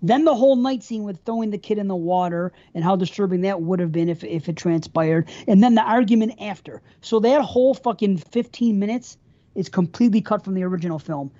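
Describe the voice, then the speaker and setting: Profane rambling woman, dark voice. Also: mid-range voice, fairly quick. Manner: profane, rambling, retells scenes at length. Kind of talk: casual film discussion. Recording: slightly muffled recording.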